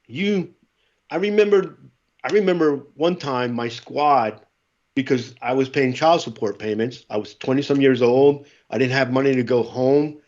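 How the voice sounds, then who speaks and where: A middle-aged man, a former Marine, telling stories in a casual interview, animated and acting out what others said. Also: medium pitch, normal speed, lo-fi sound. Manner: animated storyteller, acts out quotes. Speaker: podcast guest, former Marine.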